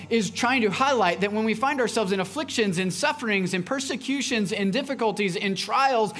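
A man's voice: extremely high pitch, a bit bright. Conversational male pastor preaching. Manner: conversational, acts out quotes from his daughter. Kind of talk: sermon.

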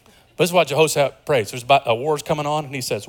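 A man preaching a sermon as pastor, emphatic and animated, acting out quotes with quick asides. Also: a little high.

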